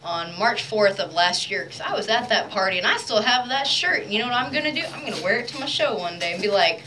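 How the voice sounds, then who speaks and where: A woman hosting a radio show, chatting in a bubbly, quick way with a guest. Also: mid-range voice, expressive, pushed and bright, slight background noise, low-quality recording. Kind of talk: casual chat.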